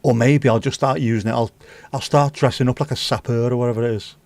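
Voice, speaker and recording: A man's voice: medium pitch, steady tone, fast, darkish tone, dry recording. A man hosting a livestream, rambling through jokey, sweary anecdotes in casual chat. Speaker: livestream host.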